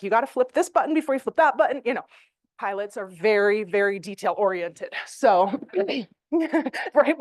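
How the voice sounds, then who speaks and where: A chatty middle-aged woman leading a real estate training class, her voice a touch high. She talks with animation and fills her pauses with ums. The sound is dry and close. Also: no echo. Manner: chatty, animated, with frequent fillers and laughs.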